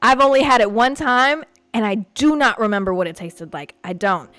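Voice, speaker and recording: A young woman from a Puerto Rican family hosting a podcast, telling a story in a profane, animated rant. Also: a little high, moderate pace, dry recording. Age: young adult. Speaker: podcast host. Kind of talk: casual storytelling monologue.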